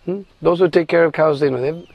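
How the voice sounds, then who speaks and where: A man tells a devotional story to listeners at an unhurried pace. His voice sits high, and he checks in with "hmm?" between phrases. The recording is dry and close. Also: husky, no room sound, muffled recording.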